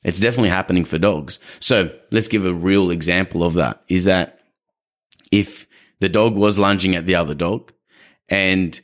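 Deep-voiced man explaining dog training. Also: moderate pace. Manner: explanatory, acts out quoted people. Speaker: podcast host, dog trainer. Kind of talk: casual podcast chat.

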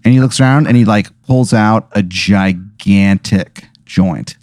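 A man's voice: on the low side, unhurried, darkish tone, dry recording. Man rambling thru an improv comedy bit, lots of um and like, dry close mic. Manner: rambling, heavy fillers and restarts. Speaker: podcast co-host.

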